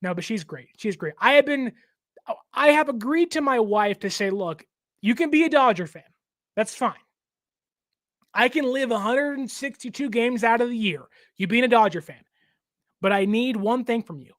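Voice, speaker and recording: A young man hosting a casual sports talk show, given to animated joking rants. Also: very high-pitched, normal speed, dry recording, clean studio sound. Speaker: show host.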